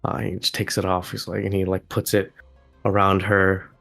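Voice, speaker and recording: A man's voice: low voice, little pitch movement, moderate pace, gravelly, a bit bright, soft background music. A man playing a tabletop game, describing his character's actions hesitantly with many fillers. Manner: hesitant, lots of "like" and "um". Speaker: player.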